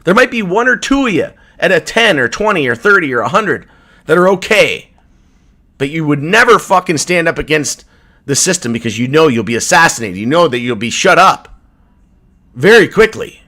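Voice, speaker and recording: A man with a Canadian accent rants into his livestream, swearing hard. His pitch jumps high and falls away in wild swings. The voice sits a little high for a man. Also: animated, moderate pace. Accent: Canadian English. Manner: furious, profane, swinging from shouting to low mutters. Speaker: crypto livestream host. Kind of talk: angry livestream rant.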